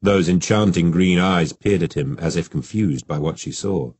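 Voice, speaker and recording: A man narrating an audiobook in a measured, steady storytelling manner, recorded on a close studio microphone. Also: low-pitched, slightly rough, no room sound.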